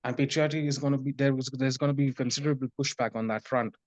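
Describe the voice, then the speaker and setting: A man, a podcast guest thinking out loud in casual conversation with hesitant restarts. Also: medium pitch, steady tone, fast talker, dry recording, lo-fi sound. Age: 30s.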